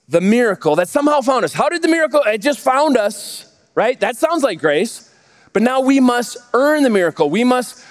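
High-voiced man preaching a sermon. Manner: lively, asks rhetorical questions and answers them. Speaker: pastor.

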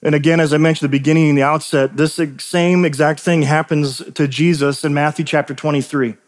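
Guy preaching, kinda high voice, earnest storytelling vibe, repeats stuff for emphasis. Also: steady tone, brisk. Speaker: pastor. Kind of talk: sermon.

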